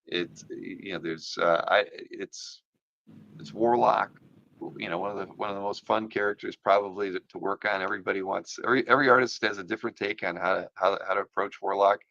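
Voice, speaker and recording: A man's voice: lowish voice, steady tone, fairly quick, vocal fry, sharp tone, lo-fi sound, a little hiss or hum. A man hosting a casual chat about comic art, rambling with many fillers and restarts, and losing his voice. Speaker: podcast host.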